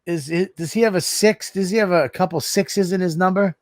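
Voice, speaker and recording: A man co-hosting a podcast in casual chat, excitable and self-mocking, swearing often. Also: high voice, fairly quick, no echo, studio quality. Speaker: podcast co-host.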